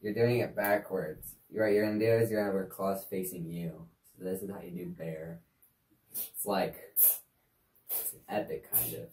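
A woman's voice: very deep voice, steady tone, normal speed, a little mellow, slight background noise. A woman casually demonstrating sign language signs for a kids' lesson, chatty and easygoing with offhand asides. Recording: echoey room, distant mic.

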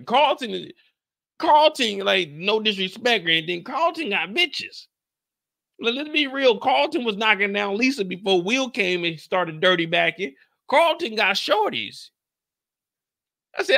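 A young man from the Bay Area hosting a casual TV recap, talking in an animated, profane way. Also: high-pitched, a little slow. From San Francisco Bay Area. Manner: animated, profane, acts out scenes with shouted put-on lines. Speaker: recap show host.

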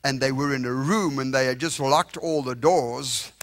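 A middle-aged man with a South African accent preaching a revival sermon in a church, lively and joking with the congregation, often checking "all right?". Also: mid-range voice, normal speed. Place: church sanctuary.

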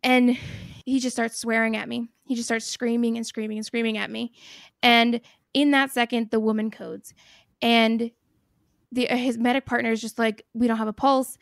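A woman hosting a podcast, telling a story in an animated, casual way, swearing freely and laughing as she goes. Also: fairly high pitch, normal speed, creaky, no room sound, clean studio sound. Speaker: podcast host.

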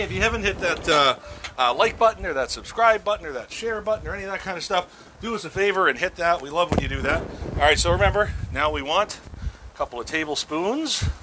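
A man's voice: sits high, noisy background. A middle-aged man hosting a casual grilling demo outdoors, chatty and self-mocking as he cooks. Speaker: grilling show host.

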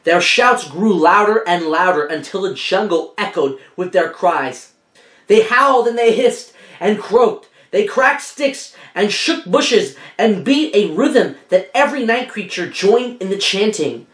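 A woman teacher reading a picture book aloud to children, animated, asking her listeners questions along the way. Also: mid-range voice, unhurried. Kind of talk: children's storybook read-aloud. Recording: echoey room.

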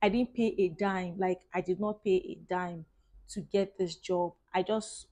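A woman from Nigeria, in her thirties, speaks to her vlog viewers with effusive, chatty warmth, frequently saying "guys" and "like." Her Nigerian-accented voice is fairly low and a little mellow, with a steady tone and measured pace.

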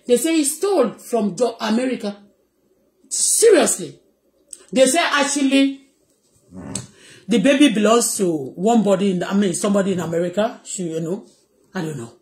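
A woman's voice: high voice, roomy sound. A woman with a Nigerian accent giving heated commentary as a gossip vlogger, emphatic and repetitive, often asking if you understand.

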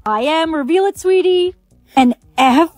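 High, dry text-to-speech woman for storytime clips, reading all the roles evenly. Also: measured pace, a little mellow, no echo. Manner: evenly paced synthetic delivery voicing every role. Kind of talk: scripted storytime narration.

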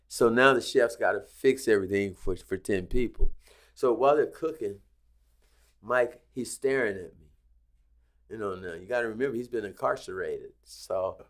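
A man's voice: fairly low pitch, normal speed. A man telling a story as a guest in a podcast interview, acting out the lines of the people in it. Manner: animated storyteller acting out quoted dialogue. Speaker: guest, casino executive. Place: Las Vegas.

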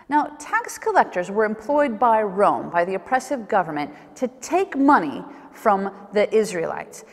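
A woman giving a sermon, telling Bible stories vividly and acting out the questions people asked. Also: mid-range voice. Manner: vivid storytelling, acts out questions and scenes. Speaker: preacher. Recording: reverberant church hall.

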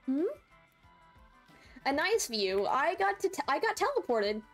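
A woman's voice: high-pitched, big pitch swings, measured pace, a bit bright, faint music behind. A young woman streaming a game live, chatting playfully and laughing a lot while viewers trolls her. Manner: playful, laughs often, squeals when chat trolls her. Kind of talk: live gameplay commentary.

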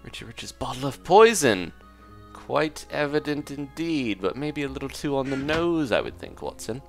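A man's voice: medium pitch, sing-song, moderate pace, creaky, over music. A man hosting a gaming video in character as a pompous detective, with a put-on English accent and a jokey manner. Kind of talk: in-character let's play commentary.

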